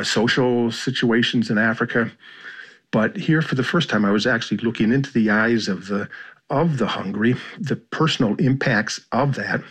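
A man's voice: mid-range voice, fairly bright tone, slightly rough. An American man, a journalist guest, speaking reflectively in an interview with frequent restarts. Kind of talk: interview conversation.

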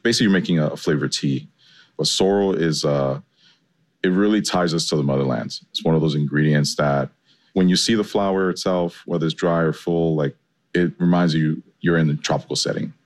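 Super deep voiced guy, chef chatting excitedly in an interview. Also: a little fast. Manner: enthusiastic, loose and chatty. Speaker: chef and guest. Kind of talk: casual interview answers.

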